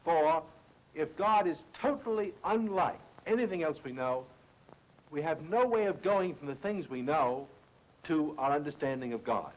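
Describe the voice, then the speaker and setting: A man's voice: on the high side, rough recording. Emphatic man lecturing on philosophy. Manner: deliberate, emphatic lecturing with repeated stresses. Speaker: philosopher and teacher.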